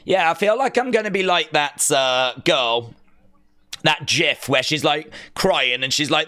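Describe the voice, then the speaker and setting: A man streaming a live watch-along, giving excitable, chatty commentary with mock outrage. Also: fairly high pitch, measured pace.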